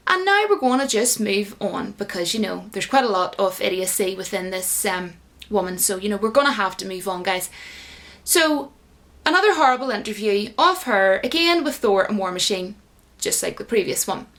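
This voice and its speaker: A woman's voice: mid-range voice, a bit bright. Woman, casual rant, sarcastic, indignant, filler-heavy, commentator. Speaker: YouTube commentator.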